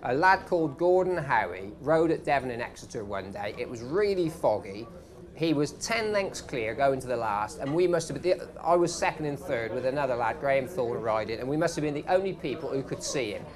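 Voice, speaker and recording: A former jockey telling a matter-of-fact racing story to a live audience in a pub. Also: male voice, mid-range voice, animated, brisk, crowd noise. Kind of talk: anecdotal storytelling.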